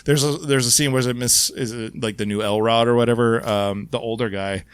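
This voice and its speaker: A man hosting a podcast in casual chat, retelling film scenes in a rambling, profane, animated way. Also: mid-range voice, fairly quick, smooth, no echo. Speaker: podcast host.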